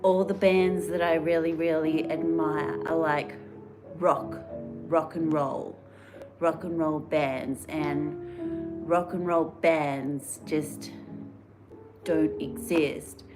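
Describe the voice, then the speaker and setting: Low, slow woman on a livestream. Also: fairly even intonation, music in the background. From Australia. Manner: rambling, warm and earnest, reads out viewer comments. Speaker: livestream host. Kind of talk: casual live-stream chat.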